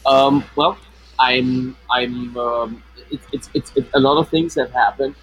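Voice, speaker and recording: A man's voice: medium pitch, fairly even intonation, a little slow, slight background noise, low-quality recording. A man co-hosting a casual live stream, talking with many stops and restarts, his voice run through a flanger effect. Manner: hesitant, many restarts and fillers. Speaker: co-host. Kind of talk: casual chat.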